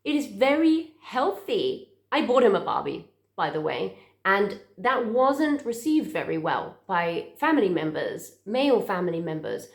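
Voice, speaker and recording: A woman speaks earnestly to camera as a therapist, in a middle-pitched voice. She talks in a heartfelt way and restarts and repeats words as she searches for them. The room around her is echoey. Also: big pitch swings, a little slow.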